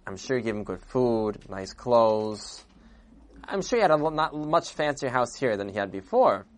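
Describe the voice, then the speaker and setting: A man voicing a calm, kindly older bishop in a told story, speaking softly and in a measured way. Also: mid-range voice, natural voice. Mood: calm, knowing.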